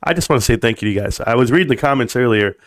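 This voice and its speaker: A man hosting his own live stream, talking in a blunt, fired-up rant that swings from calm to loud and emphatic. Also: mid-range voice, racing, no room sound. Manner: blunt, swears freely. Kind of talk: ranting live stream talk. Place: room at home.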